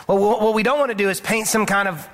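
A man's voice: high-pitched, quick pace, fairly bright tone. A male pastor giving a sermon in a church, speaking in an earnest, conversational way and often restarting his sentences. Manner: earnest, conversational preaching with repeated words and restarts. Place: church sanctuary.

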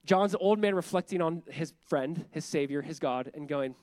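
High-voiced animated male preacher. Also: moderate pace, no room sound. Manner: animated, conversational preaching with emphatic repetition; laughs often while speaking. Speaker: pastor. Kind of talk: sermon.

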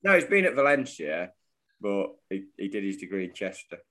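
A lower-voiced man co-hosting a podcast, trading casual banter and teasing his co-host. He often lets his voice drop low and quiet as he talks his opinions through. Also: sing-song, brisk. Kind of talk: casual chat.

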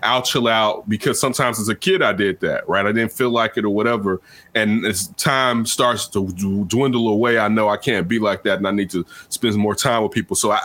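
A man in his early forties telling a story in casual chat, animated and jumping into loud retold exchanges. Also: mid-range voice. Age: early 40s.

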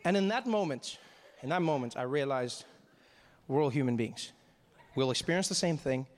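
A man's voice: mid-range voice, lively intonation, normal speed, in a large hall. A man performing stand-up, telling a story animatedly and acting out the people in it. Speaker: stand-up comedian.

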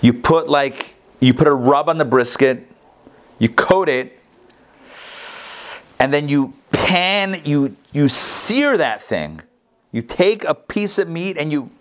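A man giving an informal Torah class, animated, repeating phrases and answering his own questions. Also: mid-range voice. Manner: coughs, gets excited.

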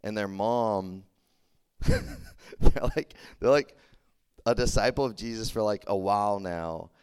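A man's voice: on the low side, slow pace, a little mellow, smooth. A young man from Texas, preaching a casual youth sermon, chatty and full of "like" and restarts. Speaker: campus ministry preacher.

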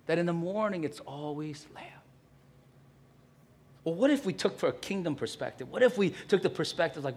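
A pastor preaching a sermon, telling everyday stories and acting out quotes in hushed asides. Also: male voice, a little high, vocal fry, breathy edge.

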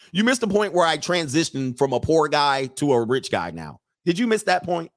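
A man's voice: on the high side, big pitch swings, moderate pace, no room sound. Brash joking man, dry close sound. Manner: brash, joking, laughs often, mocks in put-on voices. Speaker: livestream host reading chat. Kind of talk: casual livestream commentary.

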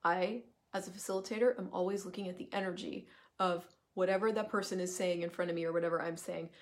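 A woman's voice: lowish voice, steady tone, quick pace. Chatty woman hosting a live video. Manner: chatty, emphatic, swears freely. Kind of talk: casual live-stream monologue.

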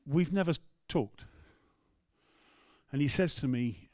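An English rector tells a personal story from the pulpit in an easy, conversational sermon. His voice sits a little high for a man. The sound is close and dry, with no room echo. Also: takes it slowly. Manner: storytelling, conversational, acts out quotes. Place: church.

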